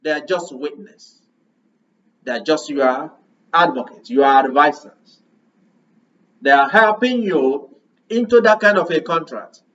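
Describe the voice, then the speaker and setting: Male preacher, sermon, emphatic rhetorical questions, high voice, muffled lo-fi sound. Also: a little slow, pauses often, fairly bright tone, far from the mic.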